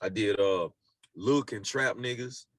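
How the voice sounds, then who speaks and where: A man in his twenties or thirties, a music producer, telling stories in a relaxed interview, full of slang and repeated phrases. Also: on the low side, measured pace, no room sound. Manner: laid-back storytelling with slang and repeated phrases. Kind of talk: casual storytelling interview.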